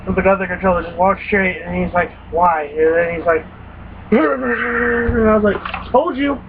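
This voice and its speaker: A man's voice: high-pitched, flat delivery, fairly quick. A young man casually and profanely retelling scary game moments, acting out his own reactions. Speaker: gaming vlogger. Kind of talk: casual rambling story. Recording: tinny phone-like recording with faint hiss.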